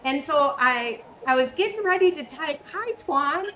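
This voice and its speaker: A woman hosting a casual interview, chatty and excitable. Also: sits high, moderate pace, slight background noise, low-quality recording. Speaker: host.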